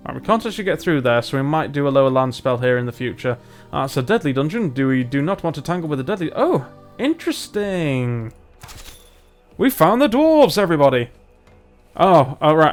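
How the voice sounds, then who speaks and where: A man, commentating a strategy game in a chatty, self-mocking way. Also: a little high. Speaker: gamer. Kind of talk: let's play commentary.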